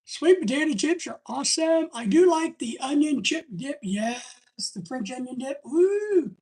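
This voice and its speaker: A woman's voice: sits high, moderate pace, a little mellow. A woman hosting a live stream in casual chat, rambling and chatty as she reads viewer comments aloud.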